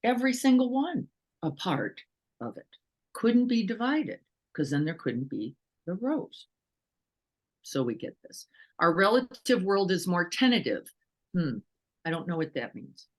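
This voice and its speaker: A woman teacher giving a relaxed, conversational dharma talk. She speaks with lively energy, poses rhetorical questions to her listeners and slips into quick acted-out voices as she explains. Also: lowish voice. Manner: animated, asks rhetorical questions, acts out quotes. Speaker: meditation teacher.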